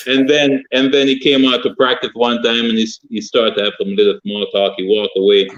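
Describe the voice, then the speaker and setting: A former football player, a man, telling a story in casual podcast chat and acting out a yelling coach. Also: mid-range voice, a little fast, lo-fi sound. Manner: animated storyteller, acts out his coach's yelling.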